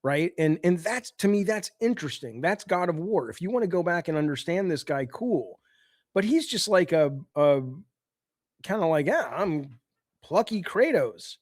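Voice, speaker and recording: A man's voice: on the high side, moderate pace, no echo. Podcast co-host, male, profane and heated, dry close sound. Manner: profane, ranting, animated. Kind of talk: casual chat.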